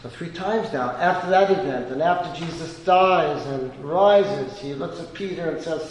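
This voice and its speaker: A man with a slightly high voice preaches a sermon in a big echoey hall with a long reverb tail. He tells stories and raises his voice when he quotes the people in them. Faint noise sits under the recording. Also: normal speed, hardly any pauses. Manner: storytelling, voicing quoted speakers with rising emphasis.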